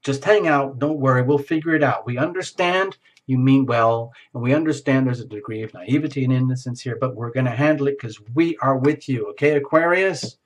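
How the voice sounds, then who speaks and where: A man voicing a calm, reassuring group of happy people who speak in a soothing, patient way. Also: mid-range voice, brisk, few pauses, close to an everyday voice.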